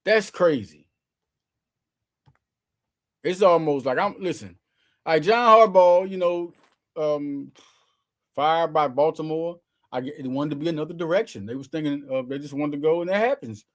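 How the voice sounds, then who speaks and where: A man's voice: fairly high pitch, normal speed, long pauses. A man hosting his own sports show, giving casual, slangy, emphatic commentary straight to his viewers.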